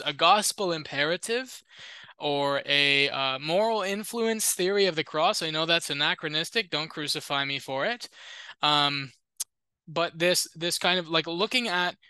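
A man's voice: a little high, sharp tone, clean tone, no room sound. A man teaching as a Lutheran, reading an ancient Christian letter aloud and explaining it in a discursive, informal way with joking asides. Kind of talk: reading and commenting on an ancient text.

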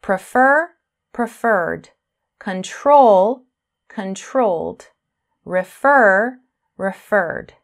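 A woman teaching English grammar to beginners at an unhurried, deliberate pace. She spells out letters and leans on stressed syllables so learners can follow each word. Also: medium pitch. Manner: slow, careful, spells out letters and stresses words.

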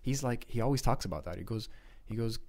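A man's voice: medium pitch, fast talker, darkish tone. A man co-hosting a laid-back podcast, rambling in casual chat with lots of fillers and swearing. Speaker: podcast co-host.

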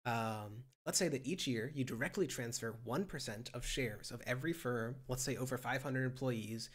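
A man hosting a casual political discussion, explaining ideas at length in a steady way with many ums. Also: medium pitch, normal speed. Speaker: host.

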